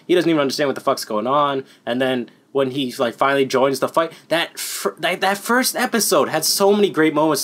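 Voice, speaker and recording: A man giving a casual, unscripted anime review, excitable and rambling, swearing constantly and filling gaps with "like.". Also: medium pitch. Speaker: anime YouTuber.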